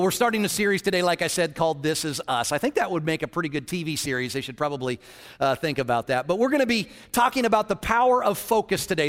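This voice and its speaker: A man preaching a sermon as pastor, opening with a joking story in a lively manner. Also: high voice, long reverb tail. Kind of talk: sermon with a joke.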